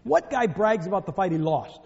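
A man's voice: sits high, very animated, brisk, vocal fry, darkish tone. A man from the northern United States preaching a sermon, telling jokes and stories with emphatic delivery. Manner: joking, storytelling, emphatic. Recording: echoey hall, dull lo-fi.

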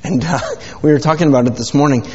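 A pastor with a slightly high, slightly mellow voice talks fast during an informal sermon and prayer in a church sanctuary. His delivery is folksy and rambling, full of fillers, and the recording is dull with hall reverb.

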